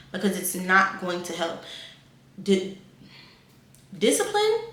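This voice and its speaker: Young woman in her 20s chatting advice, says stuff over and over, roomy echo. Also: mid-range voice. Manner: animated, repeats phrases for emphasis. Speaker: vlogger giving life advice. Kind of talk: casual advice chat.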